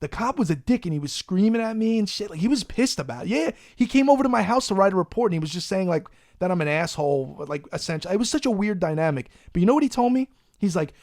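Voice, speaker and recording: A man, hosting a podcast and telling a profane, animated story in a casual way. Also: high-pitched, fast, dry recording, studio quality. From Long Island, New York. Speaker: podcast host.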